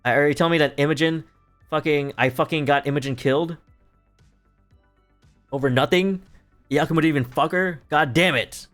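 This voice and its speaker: A streamer guy doing a panicky betrayed young lord who swears a lot, voice a bit high, some faint music behind. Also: normal speed, long pauses, fairly bright tone, lightly acted. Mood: distraught. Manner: swearing, frantic disbelief. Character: young nobleman, betrayed and distraught.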